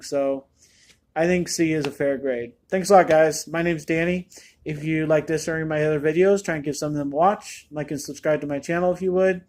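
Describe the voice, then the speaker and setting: A man's voice: on the high side, darkish tone. A man giving a casual spoken movie review, candid and rambling with many fillers.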